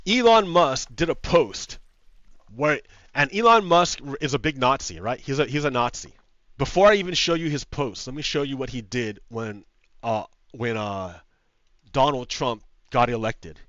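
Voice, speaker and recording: A man's voice: mid-range voice, lively intonation, normal speed, fairly bright tone, dry recording, muffled recording. A man hosting his own gaming video, ranting in casual commentary, heated and profane, repeating himself and laughing often. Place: home setup with green screen.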